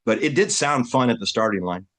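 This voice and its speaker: On his own channel, a man rambles through casual commentary in a mocking, animated, fairly quick manner, constantly tossing out rhetorical questions. His voice jumps high for emphasis before settling back to a middling pitch.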